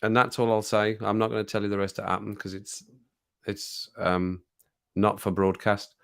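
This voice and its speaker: A man's voice: fairly low pitch, level tone, moderate pace, vocal fry, clean tone. Chatty man rambling to viewers. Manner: chatty, rambling storyteller who laughs often. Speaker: livestream host. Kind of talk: casual chat with viewers over a drink.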